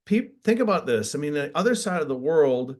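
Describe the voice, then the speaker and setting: A fairly high-voiced man hosts a relaxed interview and reacts eagerly to his guests. His questions come out in bursts, full of restarts and fillers. His tone stays chatty and animated. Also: fairly quick. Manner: enthusiastic, many restarts. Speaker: interviewer host. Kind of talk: casual interview.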